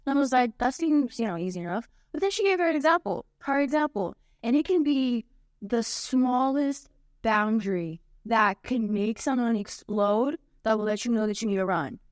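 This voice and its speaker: A woman's voice: fairly high pitch, animated, moderate pace, dry recording, studio quality. A woman guest on a podcast, talking in a frank, emphatic way with slangy asides. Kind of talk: casual podcast chat.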